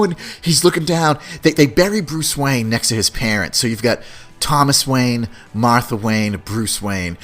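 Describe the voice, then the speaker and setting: A man hosting a podcast in a casual, rambling, animated chat, laughing often. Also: lowish voice. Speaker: podcast host.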